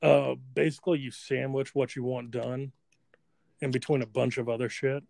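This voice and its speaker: A man's voice: medium pitch, flat delivery, moderate pace, creaky, dark tone, dry recording. A man co-hosting a podcast in casual, profane chat and trading crude jokes with his friend. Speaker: podcast co-host.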